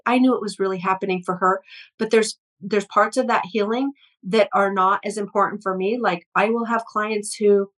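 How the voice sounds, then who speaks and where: A woman's voice: mid-range voice, poor audio. A middle-aged woman, an energy healer, telling stories about her sessions in an earnest conversational interview, often repeating words as she starts a sentence.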